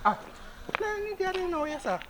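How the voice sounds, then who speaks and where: High-voiced pleading man in a comedy skit. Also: very animated, moderate pace, a bit bright, a little hiss or hum. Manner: pleading, stammering repetitions. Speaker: comedy actor. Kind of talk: comic skit acting.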